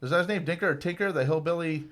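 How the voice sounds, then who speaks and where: A man in his fifties telling a long, rambling, profane story on a podcast, lively when quoting people. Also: fairly high pitch, racing. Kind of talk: casual storytelling.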